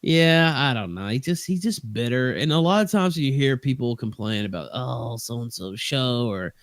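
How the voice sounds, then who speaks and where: A man's voice: mid-range voice, big pitch swings, normal speed, no echo, studio quality. Rambling man hedging his story. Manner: rambling, hedging, many restarts. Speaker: guest. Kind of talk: casual stream chat.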